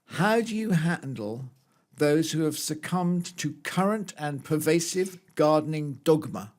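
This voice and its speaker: A man's voice: a little high, expressive, measured pace, darkish tone. A man co-hosting a gardening podcast, chatting casually with jokes and stumbling restarts. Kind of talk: casual chat.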